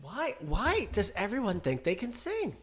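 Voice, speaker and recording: A man's voice: high-pitched, measured pace, slightly rough. A man co-hosting a podcast, guessing answers, exclaiming and laughing in casual chat. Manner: animated, exclaims and laughs, asks for hints. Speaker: podcast co-host guessing singers. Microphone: headphones and microphone.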